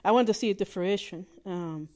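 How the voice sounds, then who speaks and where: A woman hosting a podcast, telling a personal story in a candid, plainspoken way, with halting restarts and fillers. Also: mid-range voice, mellow. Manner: candid and plainspoken, with mild swearing. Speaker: podcast host.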